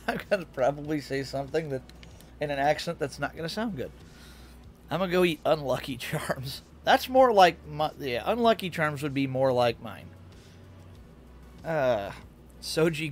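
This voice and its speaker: Lively young man streaming a racing game. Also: on the high side, a little hiss or hum. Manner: chatty, reads and answers chat, laughs often. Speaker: VTuber streamer. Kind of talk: casual live-stream commentary while gaming.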